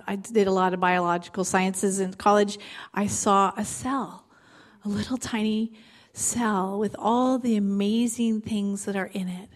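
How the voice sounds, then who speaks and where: A woman guest speaker at a church gathering, reading scripture and telling a personal faith story in a lively, animated way. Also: medium pitch. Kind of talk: devotional talk with scripture reading.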